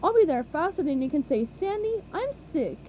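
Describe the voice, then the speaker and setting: A woman voicing a brisk, no-nonsense female squirrel in a storybook reading, speaking firmly and loudly. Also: high voice, sing-song, muffled recording, slight background noise, pitched above the performer's own voice. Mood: helpful. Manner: firm and loud.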